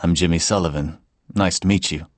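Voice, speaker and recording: A man reading an audiobook and voicing a weary young male musician in a low, tired manner. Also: steady tone, fairly quick, no echo, natural voice. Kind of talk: audiobook character voice.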